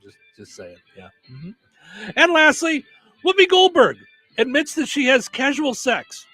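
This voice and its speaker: High, lively wisecracking male radio host. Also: unhurried, dry recording, faint music behind. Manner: wisecracking, jokey punchlines after headlines. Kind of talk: comedic news-headline banter.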